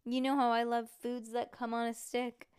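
A woman's voice: on the high side, level tone, normal speed, darkish tone, smooth, natural voice. A mother playing a cheeky little brother. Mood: chirpy. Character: cheeky little boy, pesky younger brother.

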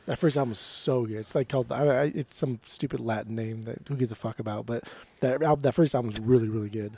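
A man's voice: mid-range voice, fast talker, husky. A man co-hosting a podcast in loose, profane chat, teasing his friends and telling stories with lots of energy. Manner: profane, teasing, animated storyteller. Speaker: podcast co-host. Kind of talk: casual chat.

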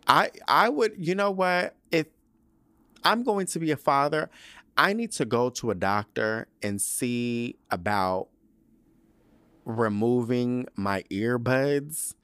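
A man's voice: mid-range voice, fairly bright tone, clean tone, dry recording. A young man hosting a podcast in a casual solo chat, rambling, profane and prone to tangents. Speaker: podcast host.

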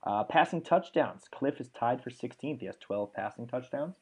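A man's voice: mid-range voice, lively intonation, moderate pace, a little mellow, breathy edge. A young man hosting a sports podcast, chatting casually and reeling off stats with lots of fillers. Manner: enthusiastic, rattles off stats with fillers. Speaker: podcast host.

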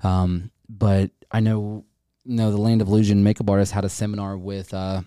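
A man's voice: fairly low pitch, little pitch movement, normal speed, mellow, clear, resonant tone, dry recording, clean studio sound. A man from co-hosting a casual podcast, rambling, swearing and stumbling over his words. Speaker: podcast co-host.

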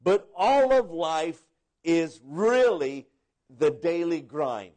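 A man's voice: on the high side, lively intonation, slow pace, darkish tone. A man preaching a sermon to a congregation, rambling and repeating words, with comic asides where he imitates people. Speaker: pastor.

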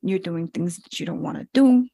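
A woman's voice: lowish voice, expressive, fairly quick, vocal fry, warm tone, dry recording. A woman in her thirties, a podcast co-host, chatting candidly and telling stories about her children. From New York. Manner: candid, storytelling, acts out her kids' lines. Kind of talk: casual chat.

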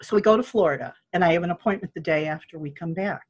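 An older woman telling a personal story in a casual interview, animated and acting out what people said. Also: fairly low pitch, quick pace. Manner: animated, acting out quoted speech. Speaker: guest.

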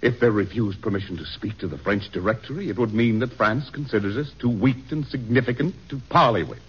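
A man's voice: fairly low pitch, brisk, husky. A man playing a doubtful, weary president in a vintage radio drama. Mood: troubled. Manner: brooding, doubtful. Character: troubled, weary president, middle-aged. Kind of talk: 1940s radio acting. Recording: dull old radio recording.

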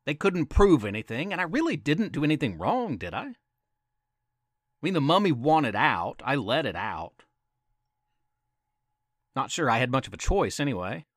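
A man's voice: mid-range voice, sing-song, normal speed, no room sound, studio quality. A man telling a campfire story as a podcast storyteller, dramatic and teasing, with asides to his listeners.

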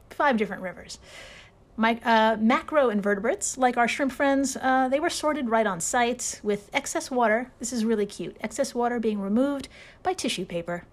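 A woman hosts a casual storytelling podcast, sarcastic, swearing freely and laughing often. Her voice is a little high and she speaks at a normal speed.

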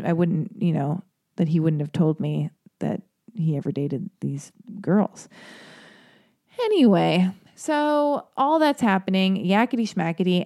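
A woman's voice: medium pitch, dark tone, dry recording, studio quality. A young woman in a confessional monologue, chatty and self-mocking, with lots of restarts and asides.

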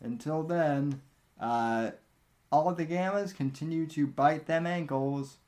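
A man with a slightly high voice hosts a podcast. He talks slowly and wryly. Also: darkish tone. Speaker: podcast host. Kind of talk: casual chat and sign-off.

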